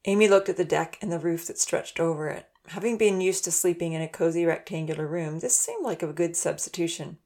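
A woman's voice: lowish voice, a little fast, few pauses. Woman reading a children's story. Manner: steady, gentle narration. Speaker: narrator.

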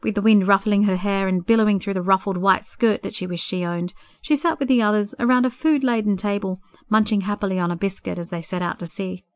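A woman narrating a story in a gentle, expressive reading voice. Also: medium pitch, a little fast, few pauses, no echo, clean studio sound.

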